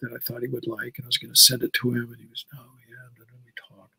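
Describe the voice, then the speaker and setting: A man's voice: medium pitch, completely flat delivery, rapid-fire, creaky, sharp tone, husky, dry recording, low-quality recording. A man in his sixties, a guest in a casual interview, telling long stories in a rambling way and repeating words as he goes. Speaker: comic artist guest.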